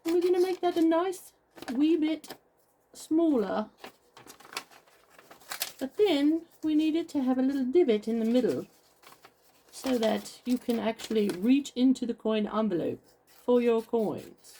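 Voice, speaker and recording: A woman doing an impression of a posh-sounding crafter with a put-on accent and a slow, deliberate delivery. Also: sits high, animated, mellow, a little hiss or hum, pitched above the performer's own voice. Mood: prim.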